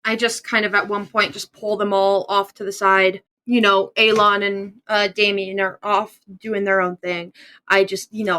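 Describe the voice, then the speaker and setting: Bright-voiced woman playing an anguished character. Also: medium pitch. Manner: emotional, halting. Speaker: player. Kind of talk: in-character tabletop role-play.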